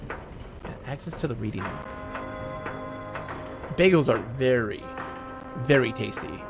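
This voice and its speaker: Young male streamer, casual jokey banter, gravelly, music bed behind. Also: mid-range voice, expressive, a little slow. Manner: joking, rambling banter. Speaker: game streamer. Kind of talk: casual chat while gaming.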